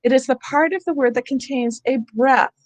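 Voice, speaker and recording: A woman with a somewhat high voice leads a teacher training session over a video call. She talks in an animated way and acts out sounds as she explains. The sound is dry and close. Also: normal speed, no room sound. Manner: animated, acts out calling for help. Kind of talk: online teacher workshop.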